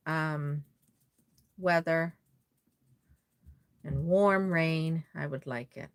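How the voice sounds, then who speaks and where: A woman's voice: deep voice, very slow, pauses often, clear, resonant tone. A woman from Nova Scotia, chatting casually on a live stream, rambling and reading out viewer comments as she works on a doll. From Nova Scotia, Canada.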